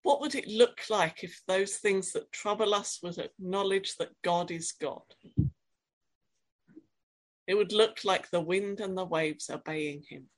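A woman preaching a sermon, reflective and questioning, reading scripture in a quiet, dramatic voice. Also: medium pitch, a little slow.

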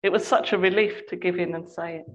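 A woman reading a novel aloud in a measured, expressive storytelling voice. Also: lowish voice, highs cut off. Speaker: reader.

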